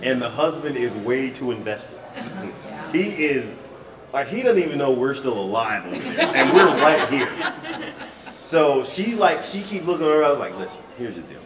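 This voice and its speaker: A man, co-host of a casual podcast, telling a story in an animated way, often laughing and acting out what other people said. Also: medium pitch, normal speed, reverberant, recorded from a distance, a crowd in the background, low-quality recording.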